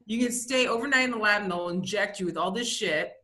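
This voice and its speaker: A woman's voice: mid-range voice, fast talker, pushed and bright. A woman co-hosting a podcast, telling stories in a profane, ranting, casual comedic chat. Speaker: podcast co-host.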